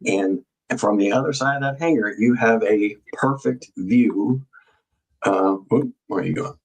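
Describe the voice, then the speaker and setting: A man in a casual live discussion, guiding through a map with halting speech and many fillers and restarts. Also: on the low side, rough recording.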